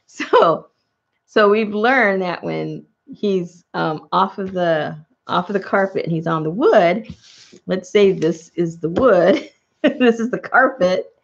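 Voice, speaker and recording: A woman's voice: fairly low pitch, takes it slowly, creaky, lo-fi sound. A middle-aged woman chatting casually while crafting, rambling through asides and laughing often. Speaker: crafting vlogger.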